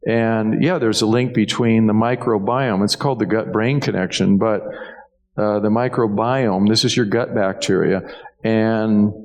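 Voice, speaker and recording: Low-voiced doctor in a reverberant hall. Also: male voice, steady tone, unhurried, a little mellow. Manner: rambling anecdotes with many restarts. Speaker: guest doctor. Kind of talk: casual health Q&A.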